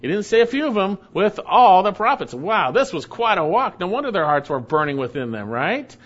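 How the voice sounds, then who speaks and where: A man with a fairly high voice preaches a Bible-teaching sermon, hammering home key phrases by repeating them. He slows right down to stress a point, then rattles off quick asides. The recording sounds dull and lo-fi. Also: big pitch swings, fairly bright tone. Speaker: pastor. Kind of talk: expository sermon.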